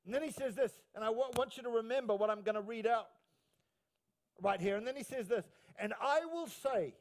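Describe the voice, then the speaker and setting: Emphatic New Zealand pastor, high voice. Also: male voice, expressive, a little fast. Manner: emotional, emphatic, repeats phrases. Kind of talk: sermon.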